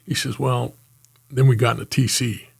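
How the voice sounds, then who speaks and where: An older retired homicide lieutenant telling anecdotes in a casual interview, acting out quotes and laughing often. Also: male voice, medium pitch, little pitch movement, normal speed, vocal fry, husky.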